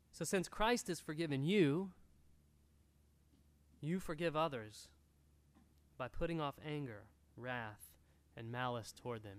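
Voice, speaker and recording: A male pastor preaching an earnest sermon to a room, exhorting and repeating his key points. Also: medium pitch. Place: church room.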